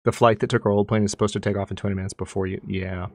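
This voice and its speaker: A man's voice: on the low side, flat delivery, rapid-fire, vocal fry, a little mellow, no echo, clean studio sound. A man streaming a game live, chatting casually and thanking viewers, often mimicking characters.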